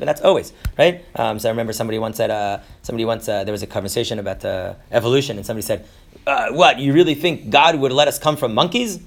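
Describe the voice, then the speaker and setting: A man giving an informal Torah lesson, rambling with fillers and restarts, mixing in Hebrew terms and slipping into quick comic voices for characters. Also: mid-range voice, gravelly. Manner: mixes Hebrew terms into English. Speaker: Torah teacher. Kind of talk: informal lecture.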